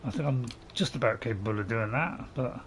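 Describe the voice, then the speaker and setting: A man's voice: medium pitch, fairly quick, slight background noise. A man giving rambling, apologetic let's play commentary as a gaming channel host, chuckling to himself.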